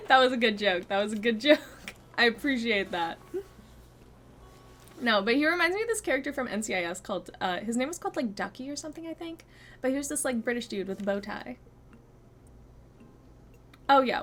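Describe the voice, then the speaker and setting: A young woman streaming a game, chatting casually to her viewers, giggling and thinking out loud. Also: on the high side. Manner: chatty, giggly, talks to chat and herself. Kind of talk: casual gameplay chat.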